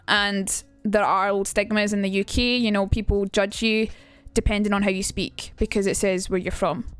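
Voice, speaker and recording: A woman's voice: medium pitch, fairly bright tone, smooth, no echo. A young Scottish woman teaching on a casual livestream, chatty and blunt, swearing freely. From Scotland. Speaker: streamer.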